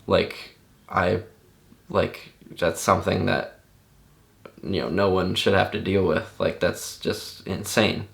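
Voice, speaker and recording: A young man recounting a personal memory unscripted, in a halting, earnest way with many restarts and fillers. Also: low-pitched, steady tone, vocal fry, a bit bright. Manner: stunned, earnest.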